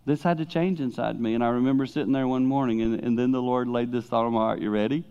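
A man's voice: mid-range voice, fast, hardly any pauses, clear, resonant tone, dull audio. A middle-aged man, preaching a sermon as a traveling preacher, speaking candidly and telling stories with animation. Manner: candid, confessional, animated storytelling. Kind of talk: sermon to a youth congregation.

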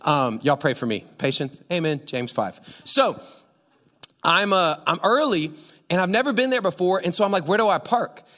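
A male pastor telling an animated, laughing story during a sermon. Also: sits high, moderate pace, in a large hall.

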